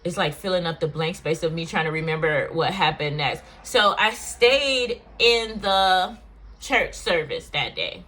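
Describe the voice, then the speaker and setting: Bright-voiced woman telling a personal story. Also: lowish voice, animated, a little slow. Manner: candid, emotional, rambling with fillers. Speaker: vlogger.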